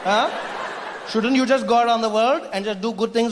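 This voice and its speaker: A male stand-up comedian telling an animated, playful story to a live audience on a large theater stage. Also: very high-pitched, normal speed, big-room sound, background noise. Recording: live theater, crowd laughter.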